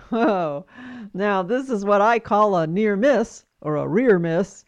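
A woman's voice: mid-range voice, expressive, takes it slowly, a little mellow, dull audio. A woman hosting a podcast, giving scripted commentary with wry, emphatic storytelling. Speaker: podcast host.

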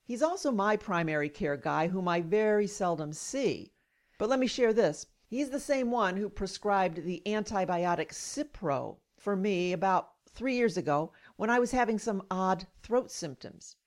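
A woman's voice: mid-range voice, lively intonation, moderate pace. Lady telling her own story, wry and a bit indignant, talks straight to you. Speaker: patient advocate. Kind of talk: personal storytelling.

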